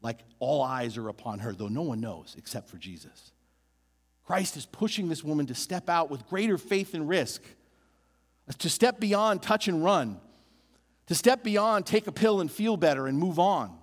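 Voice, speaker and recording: Animated male preacher in a reverberant hall. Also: a little high, normal speed, breathy edge. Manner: animated, building emphasis with repeated phrases. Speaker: pastor. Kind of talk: sermon.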